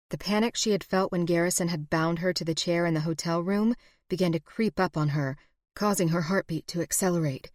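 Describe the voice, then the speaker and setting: A woman reading a romance novel aloud in an even, measured narration. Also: low voice, no echo, clean studio sound. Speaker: audiobook narrator.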